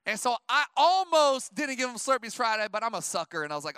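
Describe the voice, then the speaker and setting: A man's voice: extremely high pitch, quick pace, few pauses, clean tone, no room sound. A man in his thirties, a pastor preaching a sermon to his church, mixing fervent calls with chatty, filler-laden stories. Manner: preaches with rising intensity, then tells stories in a relaxed aside; conversational, with many fillers like "like" and "you know". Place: church service before a congregation.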